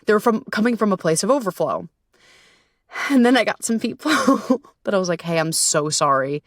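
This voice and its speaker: A woman's voice: medium pitch, animated, normal speed, dry recording. Candid, profane woman host, dry sound. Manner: candid, profane, conversational with frequent fillers. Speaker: podcast host and self-love coach. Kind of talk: casual storytelling monologue.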